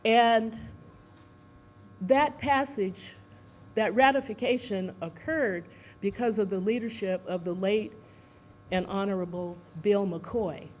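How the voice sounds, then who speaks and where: A speaker giving an informal talk at a seminar, out of breath, pausing often on fillers and putting questions to the audience. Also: mid-range voice, slight background noise. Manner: halting, many fillers, asks the audience questions.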